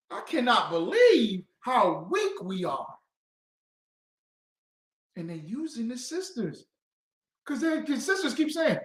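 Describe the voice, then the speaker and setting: A man hosting a talk show, ranting with passion and swinging from low muttering to outbursts of shouting. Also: big pitch swings, takes it slowly, long pauses, reverberant, low-quality recording. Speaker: host. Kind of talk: impassioned talk-show rant.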